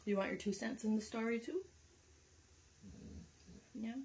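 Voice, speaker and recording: A woman's voice: a little high, fairly even intonation, measured pace, a little mellow, slight background noise. A young woman vlogging casually, chatty and candid and swearing freely as she tells a story.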